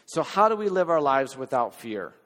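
A man delivers a sermon in an earnest, conversational style, frequently checking in with the congregation through questions. He speaks at normal speed in a medium, slightly bright voice and is very animated, recorded in a church hall with long hall reverb.

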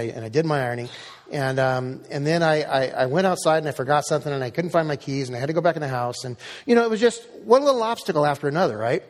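A man preaching a sermon, reading scripture and then telling a lively personal story, his voice climbing high as he gets excited. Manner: animated storytelling, rising high when excited. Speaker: pastor. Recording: long hall reverb.

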